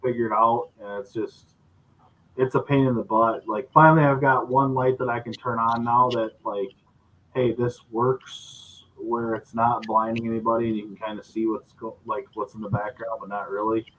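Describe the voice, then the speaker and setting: A man on a video call whose relaxed, chatty voice sits at an ordinary middle pitch. There is a faint hiss of noise behind him. He talks loosely, without rushing. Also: lo-fi sound. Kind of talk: casual video chat.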